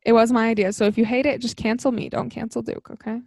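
A bubbly, upbeat young woman co-hosting a casual podcast. Her voice sits a little on the higher side. The sound is dry, with no room echo. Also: little pitch movement, fast, vocal fry, a little mellow, breathy edge. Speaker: podcast co-host.

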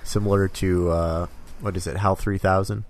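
A man co-hosting a casual podcast, talking about games in a measured, thoughtful way with "um" pauses. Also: low-pitched, flat delivery. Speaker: podcast co-host. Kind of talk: casual game discussion.

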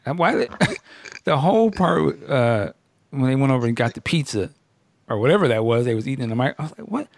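A man's voice: medium pitch, very animated, brisk, creaky, no echo. A man hosting a casual podcast chat, laughing often and acting out lines from a show he watched. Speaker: podcast host. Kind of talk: casual chat reviewing a TV episode.

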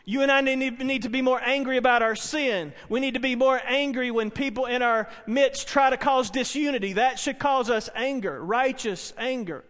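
A middle-aged Baptist pastor preaching a sermon in earnest, repetitive phrases, asking the congregation questions in a church. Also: male voice, very high-pitched, normal speed, few pauses, a bit bright. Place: church sanctuary. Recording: long hall reverb.

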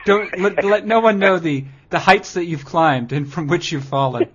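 Dry, teasing podcast host, muffled. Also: male voice, sits high, moderate pace, a little hiss or hum. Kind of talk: casual podcast banter.

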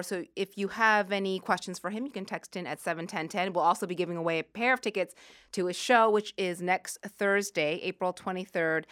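A woman's voice: fairly low pitch, a bit bright. Radio host woman prompting her guest. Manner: brief prompts and backchannels, reads out show details. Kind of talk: casual radio interview.

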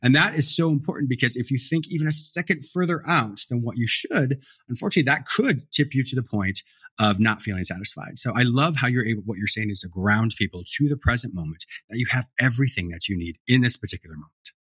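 A man's voice: mid-range voice, fairly bright tone, breathy edge, no room sound. A man hosting a podcast in casual conversation, enthusiastic and affirming. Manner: enthusiastic, affirming, quick-talking. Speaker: podcast host. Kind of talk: casual interview chat.

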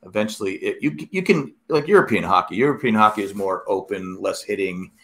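Man, middle-aged, casual chat, lowish voice, bright tone, rambling storyteller. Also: fairly quick. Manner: rambling, animated storyteller with many restarts.

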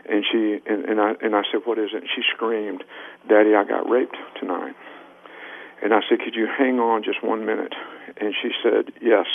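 Middle-aged man, radio interview guest, earnest storyteller, deep voice, phone-line sound. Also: little pitch movement, fairly quick, creaky. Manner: earnest anecdotes, acting out quoted dialogue. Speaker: leadership trainer, guest.

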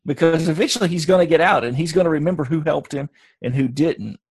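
A man co-hosting a casual podcast, rambling from one joke to the next and tripping over his own sentences. His voice sits a little high. The sound is close and dry. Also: fast talker, creaky, breathy edge, dry recording. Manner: rambling, jokey, restarts often. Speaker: podcast co-host. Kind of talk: casual chat.

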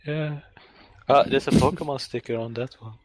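A man imitating a dull young man who mumbles flatly about games and food. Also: medium pitch, normal speed, noisy background, close to an everyday voice. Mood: bored.

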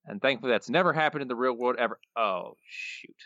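A man's voice: mid-range voice, rapid-fire, a bit bright, no echo. Dry, sarcastic man with muffled audio. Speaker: podcast co-host. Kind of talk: casual podcast chat. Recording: slightly dull, muffled audio.

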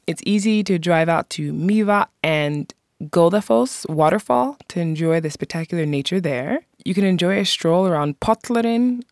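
A podcast host giving scripted narration in an informative way, slowing down to pronounce local words. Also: medium pitch, dry recording, studio quality.

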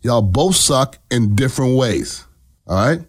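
A man's voice: mid-range voice, animated, a little slow. Blunt, profane man ranting. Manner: emphatic, blunt and profane, checks in with "okay?". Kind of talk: casual political commentary monologue.

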